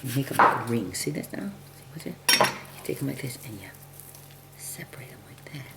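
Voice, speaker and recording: A woman giving a casual cooking demonstration in her home kitchen, chatting and clearing her throat often. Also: rumbling low, expressive, a little fast. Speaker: home cook demonstrating a recipe. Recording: home video with kitchen noise. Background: chopping, dishes and cutlery clatter.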